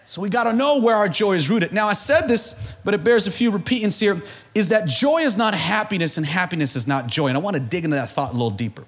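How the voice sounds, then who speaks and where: Male pastor, preaching a sermon, lively swooping delivery, gets shouty. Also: sits high, quick pace. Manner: animated, builds to shouting.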